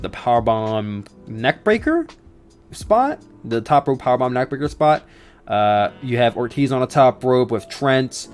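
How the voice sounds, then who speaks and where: A young man in casual chat, recapping wrestling, excitable and rambling with frequent restarts. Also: medium pitch. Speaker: podcast host reviewing wrestling.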